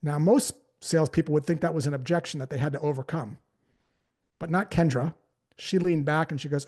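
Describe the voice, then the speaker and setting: Guy teaching sales, kinda high voice but warm and mellow, chill storytelling. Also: fairly quick. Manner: storytelling, acting out conversations. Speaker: sales trainer. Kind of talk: live training talk.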